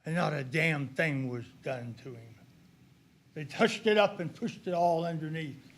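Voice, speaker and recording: A man's voice: a little high, measured pace. An older man giving a heated, accusatory public comment at a county commissioners' meeting.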